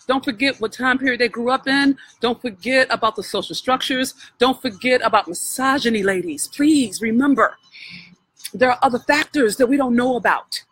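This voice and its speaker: On a live stream, a spiritual wealth coach delivers a heartfelt, preacher-like healing talk straight to her listeners. Her voice is fairly high, a bit bright and husky, at a moderate pace, and the recording is dry with poor audio.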